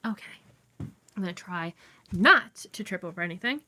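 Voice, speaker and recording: A woman's voice: on the low side, expressive, normal speed, pauses often, bright, forceful tone. A young woman chatting casually with viewers from her home, rambling and losing her train of thought, recorded on a phone camera. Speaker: vlogger. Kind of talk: casual live chat with viewers. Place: inside a dim home.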